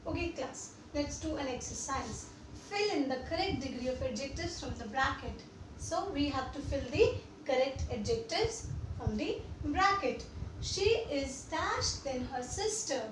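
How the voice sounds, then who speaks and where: Young female teacher with an Indian English accent and a high voice, repetitive and checking in with students, heard from a distance in an echoey room. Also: expressive, a little slow. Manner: repeats examples and checks understanding. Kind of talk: classroom grammar lesson. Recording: echoey room, distant mic, faint noise.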